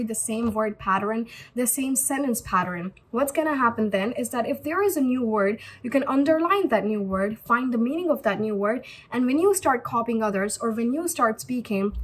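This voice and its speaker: A woman's voice: fairly high pitch, slight background noise, low-quality recording. A young woman from India giving a chatty spoken English lesson to camera, repeating her points with many fillers. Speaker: English teacher.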